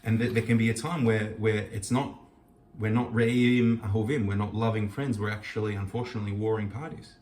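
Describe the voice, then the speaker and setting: A man's voice: fairly low pitch, steady tone, fairly quick, few pauses, a little mellow, slight background noise. A man giving an earnest, reflective talk on a scripture passage, reading Hebrew verses and explaining them. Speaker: host. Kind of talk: reflective Torah teaching. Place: kitchen. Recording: echoey room, mic at a distance.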